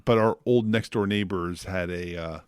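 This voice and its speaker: A man's voice: deep voice, moderate pace, clear, resonant tone, no room sound, studio quality. A man from New Jersey co-hosting a podcast, swearing freely and laughing through his stories. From New Jersey, USA. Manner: profane, laughing, animated. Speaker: podcast co-host. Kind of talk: casual chat.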